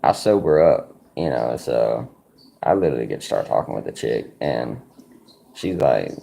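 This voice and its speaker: A man's voice: rumbling low, sing-song, normal speed, creaky, dark tone. A man streaming a card game, telling a rambling, profane story full of "like" and "you know". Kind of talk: casual storytelling while playing a card game.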